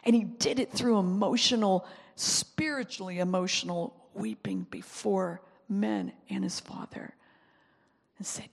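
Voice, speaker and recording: A woman preaching a sermon with deep emotion, sometimes dropping to a whisper and sometimes rising to an impassioned plea. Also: animated, a little slow, gravelly, husky, in a large hall. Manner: emotional, drops to whispers and rises to impassioned pleas.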